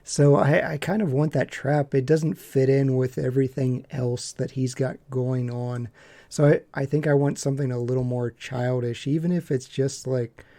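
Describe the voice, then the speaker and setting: A man with a mellow, relaxed voice weighs in on a film during a casual podcast chat. He builds his points step by step, with a dry, wry edge. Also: medium pitch, moderate pace. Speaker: podcast co-host. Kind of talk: casual movie discussion.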